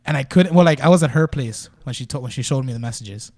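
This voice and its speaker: Fast-talking young man telling a story. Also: medium pitch, darkish tone, dry recording. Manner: profane, rambling storytelling with many fillers. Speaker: podcast guest. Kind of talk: casual chat.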